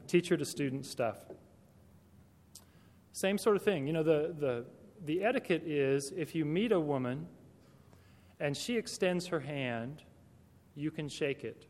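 A man's voice: on the high side, animated, unhurried, pauses often, a little mellow. A man speaking directly to teachers in a conversational talk, full of rhetorical questions. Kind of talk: talk to Christian educators. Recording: long hall reverb.

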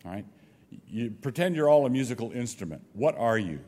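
A man leading a workshop for teachers and taking questions, talking in a halting way with frequent restarts. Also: mid-range voice, very animated, mellow. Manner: halting, restarts, thinks aloud. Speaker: teacher trainer. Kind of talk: workshop talk with Q&A. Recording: long reverb of a hall.

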